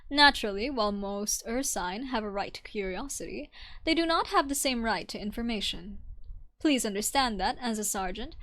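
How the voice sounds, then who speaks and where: A woman's voice: fairly high pitch, animated, moderate pace, fairly bright tone. A woman voicing a proud, formal female imperial guard sergeant who speaks with guarded politeness. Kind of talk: reading a game story aloud on stream.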